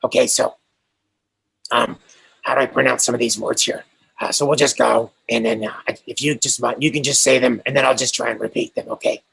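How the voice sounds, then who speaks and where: A man doing an impression of a famous actress, putting on a raspy, gravelly woman's voice in a casual, friendly drawl. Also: medium pitch, fairly even intonation, brisk, a bit bright, dry recording, heavily acted.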